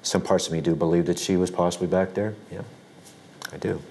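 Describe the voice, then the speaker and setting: Very deep-voiced middle-aged man. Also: fairly even intonation, brisk, gravelly, darkish tone, slight background noise. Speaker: interview guest.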